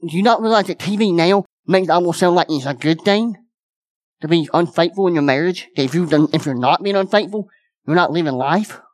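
A man's voice: a little high, brisk, no echo. A man preaching a sermon as pastor, folksy and repetitive, with many restarts.

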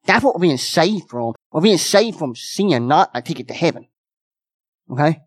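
A man's voice: fairly high pitch, lively intonation, moderate pace, dry recording. A man preaching a sermon as pastor, folksy and repetitive, with many restarts.

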